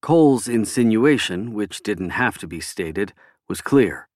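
Brief: male narrator, low-pitched, steady scripted reading, dry booth sound. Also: unhurried, no room sound. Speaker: audiobook narrator.

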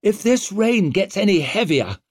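A man's voice: high-pitched, very animated, unhurried, dry recording, pitched above the performer's own voice, heavily acted. A man voicing a pregnant young noblewoman who growls out dry, sardonic remarks. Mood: wry, tense.

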